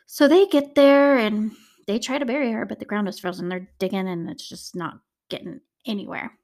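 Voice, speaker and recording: A woman's voice: mid-range voice, normal speed, darkish tone. A woman telling a true crime story in a casual, chatty way, with indignant asides to her listeners. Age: adult parent. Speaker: true crime podcast host.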